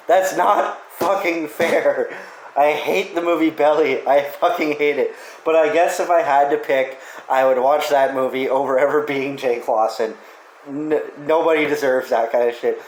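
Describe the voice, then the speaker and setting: A man reads out fan questions and answers them in a loose, offhand way, swearing often and cracking jokes. His voice sits a little high for a man. The room around him rings with a noticeable echo. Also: a little hiss or hum. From Canada. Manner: profane, joking, offhand. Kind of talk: casual Q&A vlog.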